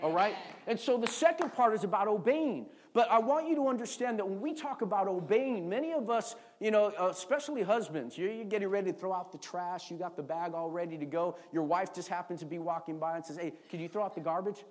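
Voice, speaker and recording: In a high voice that moves a little fast with hardly any pauses, a middle-aged pastor delivers his sermon through animated stories. He keeps repeating words and inviting call-and-response.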